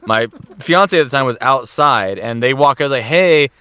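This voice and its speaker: A man's voice: mid-range voice, moderate pace, bright, forceful tone, clear, resonant tone. A young man telling a long crude story in a casual podcast chat, swearing often and acting out quotes with laughs.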